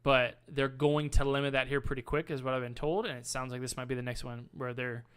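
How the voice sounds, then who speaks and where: A man's voice: medium pitch, little pitch movement, brisk, fairly bright tone, clear, resonant tone. A man co-hosting a casual podcast, telling stories and teasing his friends. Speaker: podcast co-host. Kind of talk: casual chat.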